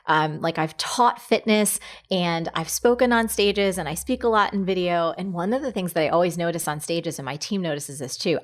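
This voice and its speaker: A woman hosts an interview in a casual, enthusiastic way. Her voice sits slightly low for a woman. She thinks aloud as she talks, with fillers and restarts. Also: fairly bright tone. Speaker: host.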